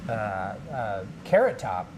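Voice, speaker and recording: A man, a comedian guest, chatting casually on a podcast and telling animated stories with quick character voices. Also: medium pitch, noisy background.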